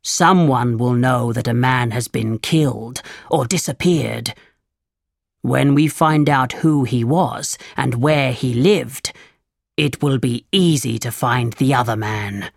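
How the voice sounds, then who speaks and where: Reader playing a commanding bandit chief in a storybook, stern and gravelly, slow. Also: mid-range voice, no room sound, studio quality, voice pushed down. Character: angry commanding male leader of a band of thieves. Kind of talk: storybook reading.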